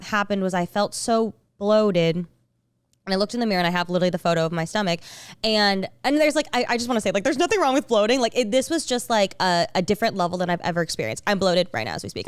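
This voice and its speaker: A young woman chats on her podcast in a loose, rambling way, packing her sentences with "like" and restarting them. Her voice is smooth and clear. It sits close and dry on the mic. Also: mid-range voice, dry recording. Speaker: podcast co-host. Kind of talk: casual chat.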